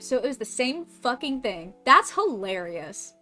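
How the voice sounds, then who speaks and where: A woman's voice: fairly high pitch, sing-song, measured pace, hardly any pauses, bright, forceful tone, soft background music. A woman streaming a game, chatting casually and goofily with her viewers, swearing and joking. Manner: goofy, swears, riffs with chat. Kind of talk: casual gameplay chat.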